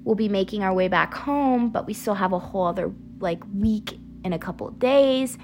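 A woman's voice: mid-range voice, moderate pace, a little mellow, a little hiss or hum. A young woman hosting a casual solo podcast, chatty and rambling, laughing often, with a slight picked-up Southern twang. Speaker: podcast host.

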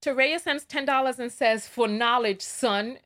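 A woman's voice: fairly high pitch, a little slow, fairly bright tone. A woman with a New York accent hosting a livestream talk show, chatty and sassy, reading out viewer donations and laughing often.

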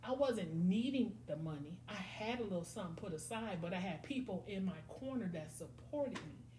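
Speaking at a normal pace in a mid-range voice, this middle-aged podcast host chats casually and brings her stories to life by imitating her friends. The recording carries an echo and some faint noise.

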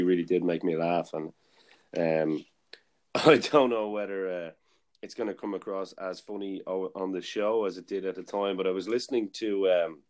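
Male podcast host, lower voice, loose chatty storyteller. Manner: rambling storyteller, many fillers and restarts. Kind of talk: casual chat.

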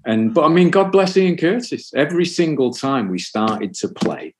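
A man's voice: on the high side, animated, moderate pace, slight background noise. A man, a musician guest rambling through anecdotes and swearing freely. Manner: rambling anecdotes, frequent swearing, acts out other people's voices. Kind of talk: casual storytelling interview.

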